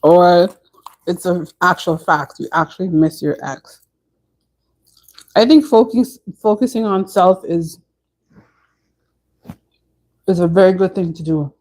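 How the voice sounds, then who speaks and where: A woman in the middle of a relaxed home live stream, chatting away with her viewers. She answers their comments as they come in, in an easygoing, conversational way. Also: fairly low pitch, takes it slowly, long pauses, rough recording.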